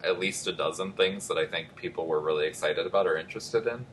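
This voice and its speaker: A man's voice: low voice, fast talker, a bit bright, a little hiss or hum. A man hosting a casual film podcast, rambling and self-deprecating, restarting his thoughts as he goes. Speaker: podcast host.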